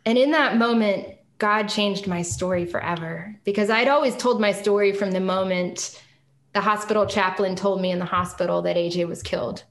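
Woman, middle-aged, podcast guest, earnest faith testimony, reflective, mid-pitched voice. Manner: earnest, reflective, slow and emphatic at key phrases. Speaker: podcast guest, singer-songwriter. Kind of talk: emotional personal testimony.

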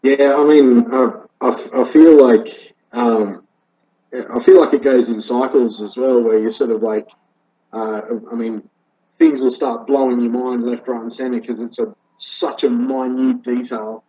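A man chatting casually on a podcast in a relaxed, laid-back way. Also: mid-range voice, a little slow, muffled recording.

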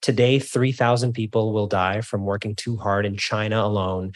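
A man speaks as a podcast guest, his voice on the low side. His delivery is energetic and explanatory, like a keynote speaker. He breaks off now and then to rephrase. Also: normal speed. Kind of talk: interview conversation.

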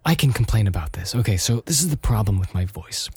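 A man's voice: lowish voice, animated, fast talker, a little mellow, slightly rough, dry recording. Rambling young man, slightly nasal. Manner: rambling, self-deprecating, many restarts. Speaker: podcast host. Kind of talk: casual solo podcast chat.

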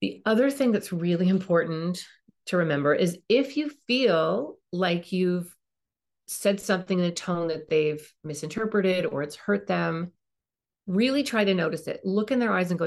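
A woman's voice: on the low side, moderate pace. A woman hosting a parenting podcast, giving earnest coaching advice and acting out what a parent might say. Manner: earnest, coaching tone, acts out parent and child lines; emphatic repetition. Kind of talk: advice monologue.

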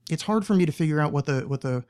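A man's voice: fairly high pitch, animated, fast, a little mellow. An American man hosting a podcast, talking in a rambling, casual monologue full of fillers, restarts and swearing. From United States. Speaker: podcast host.

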